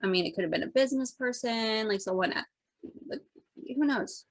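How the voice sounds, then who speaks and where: A woman's voice: on the high side, expressive, fairly quick, no room sound. A woman co-hosting a podcast in casual, rambling chat with lots of fillers. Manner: chatty, rambling, many fillers. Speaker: podcast co-host.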